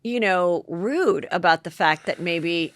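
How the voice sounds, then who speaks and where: A woman's voice: fairly low pitch, takes it slowly, no room sound. Female podcast host, conversational, dry close mic. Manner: chatty, lots of "like" and "you know". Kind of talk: casual chat.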